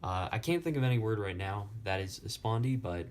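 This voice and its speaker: A young man slowly explaining Latin poetic meter in a lesson, with many pauses and fillers. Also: fairly low pitch, expressive, slight background noise. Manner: slow, halting, many fillers. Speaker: Latin tutor.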